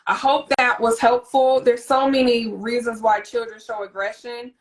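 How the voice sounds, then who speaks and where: Woman host giving parenting tips, kinda high voice, animated and teacherly. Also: normal speed. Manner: animated, teacherly, demonstrates a soothing voice. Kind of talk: live interview chat.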